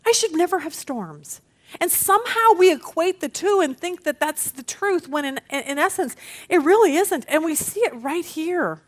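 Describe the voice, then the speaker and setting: A woman's voice: very high voice, lively intonation, normal speed. A middle-aged woman teaching a women's Bible study. She speaks with animation, acts out what people say, and often repeats words as she starts a thought.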